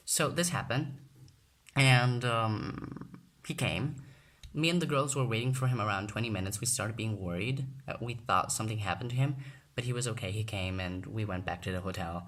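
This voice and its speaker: Young guy, lowish voice, rambly storytime vlog, lots of "you know" and "okay". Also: moderate pace. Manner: animated, rambling storytelling with many fillers and restarts. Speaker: vlogger.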